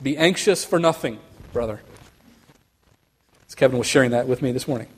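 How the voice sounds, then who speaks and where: A man preaching a sermon, speaking earnestly and building to quick, emphatic runs. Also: mid-range voice, slightly rough. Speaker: pastor.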